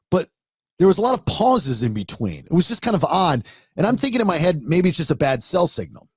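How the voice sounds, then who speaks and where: A man's voice: on the high side, a little mellow, dry recording, clean studio sound. A middle-aged man hosting a podcast, telling a story with animation and acting out both sides of a conversation. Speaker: podcast host.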